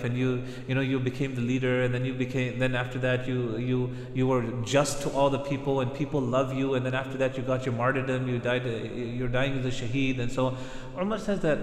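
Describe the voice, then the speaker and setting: A man preaching a sermon, retelling stories earnestly, with frequent restarts and recited Arabic phrases. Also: medium pitch. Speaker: Islamic preacher. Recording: echoey hall with long reverb.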